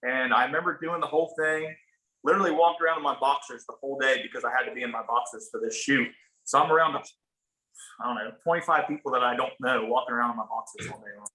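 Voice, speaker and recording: A man in his thirties with a rural Ohio accent, speaking in a bright, forward voice. He tells a story in an easygoing way, curses freely and plays out the dialogue. The room is echoey. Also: medium pitch, fast talker. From small town in Ohio. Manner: laid-back, swears, acts out quoted dialogue. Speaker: podcast guest, barber. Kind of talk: casual storytelling.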